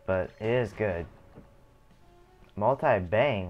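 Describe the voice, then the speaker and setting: A man's voice: lowish voice, expressive, moderate pace, lo-fi sound. A man casually streaming a card game, swearing often and rambling in complaint. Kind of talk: casual live-stream commentary while gaming.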